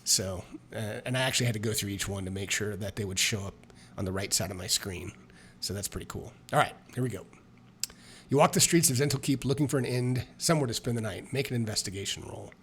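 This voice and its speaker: Gravelly man reading a solo game aloud. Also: lowish voice, fast, fairly bright tone, a little hiss or hum. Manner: chatty, self-mocking asides. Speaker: solo tabletop game player and narrator. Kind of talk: reading an adventure book aloud with casual asides.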